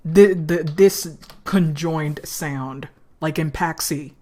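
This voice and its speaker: Low-voiced woman streamer. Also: takes it slowly, mellow. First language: Spanish. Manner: chatty, swears freely, drifts between topics. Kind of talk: casual stream chat.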